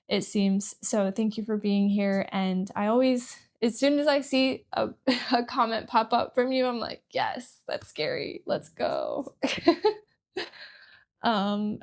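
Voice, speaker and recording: Woman, candid vlogger, emotional and rambling, steady gravelly delivery. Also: mid-range voice. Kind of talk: personal talk to camera.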